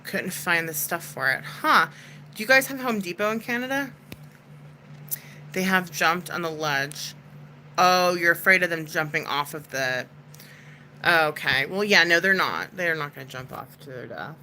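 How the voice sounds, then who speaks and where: A woman's voice: on the low side, normal speed, pushed and bright, a little hiss or hum, low-quality recording. A woman hosting a casual livestream chat, talking to viewers in a chatty, comforting way with lots of "like" fillers.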